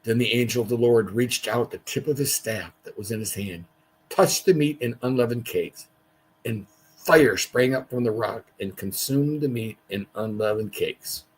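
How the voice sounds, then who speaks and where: A man's voice: mid-range voice, moderate pace, husky, poor audio. A man leading a casual livestreamed Bible study, reading scripture aloud and adding his own asides.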